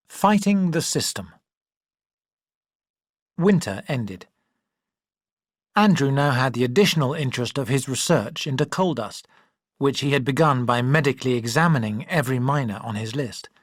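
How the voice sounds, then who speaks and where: An expressive audiobook reader narrating a classic novel, the pitch rising and falling in a lively way. Recorded on a close mic, the sound is dry with no room around it. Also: moderate pace, pauses often, no room sound. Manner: expressive, shifting voices for characters.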